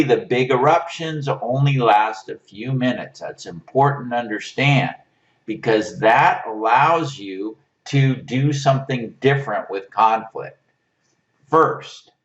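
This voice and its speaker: A man giving a relationship lesson, teaching in a coaching manner and checking in with his listeners as he goes. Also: medium pitch. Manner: unhurried, coaching, checks in with "right?". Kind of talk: motivational teaching talk. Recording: roomy, distant, dull lo-fi sound.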